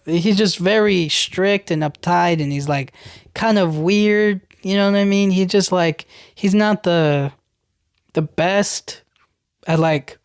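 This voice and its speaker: A man's voice: sits high, clear, resonant tone, no room sound, studio quality. A young man hosting a podcast, recapping a film in a loose, rambling way, full of "like" and "you know what I mean". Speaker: podcast host.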